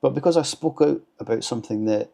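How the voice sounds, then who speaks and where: A man's voice: medium pitch, fast talker, gravelly, warm tone. A Scottish man, a vlogger, reading viewer comments aloud in casual chat, with blunt, sarcastic and sweary replies. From Scotland.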